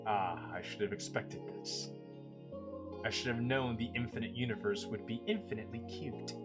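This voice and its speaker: A man streaming a game, reading it aloud slowly and theatrically and joking with his co-host. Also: mid-range voice, over loud music. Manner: slow, theatrical, laughs a lot.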